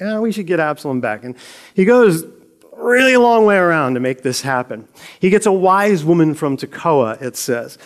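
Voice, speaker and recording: A middle-aged man teaching a Bible story in a casual, conversational way, joking and laughing as he retells it. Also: a little high. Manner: conversational, jokey, laughs often.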